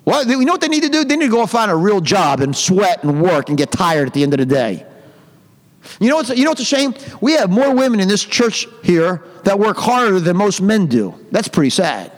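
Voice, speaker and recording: A man's voice: sits high, sing-song, fairly quick, big-room sound. A male pastor preaching a fiery sermon in a church. He reads scripture in the King James style and rants scornfully at his targets. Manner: scornful ranting, archaic King James reading. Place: church sanctuary.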